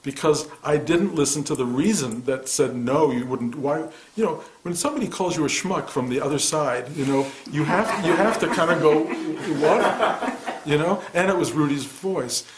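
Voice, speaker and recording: Soft-spoken man in his sixties, echoey room. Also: moderate pace, hardly any pauses, background noise. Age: 60s. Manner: soft-spoken and reflective, often dropping his voice low. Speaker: meditation teacher. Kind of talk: spiritual talk answering a student.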